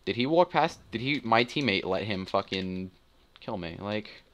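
Young male gaming host, lowish voice, mutters and curses through live play commentary. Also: lively intonation, normal speed, fairly bright tone, a little hiss or hum. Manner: muttering, swearing, self-deprecating grumbling.

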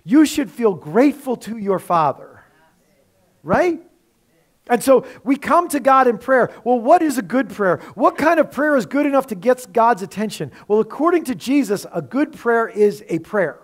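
A male pastor delivers a Sunday sermon with a notably high voice. He preaches conversationally, often asking his listeners rhetorical questions. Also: very animated, normal speed.

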